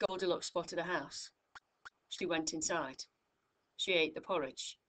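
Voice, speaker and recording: A woman tutor from the United Kingdom walks through a grammar lesson in a slightly low voice. She speaks clearly and patiently, leaning on each example phrase so learners catch it. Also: a little slow, a bit bright. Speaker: English tutor.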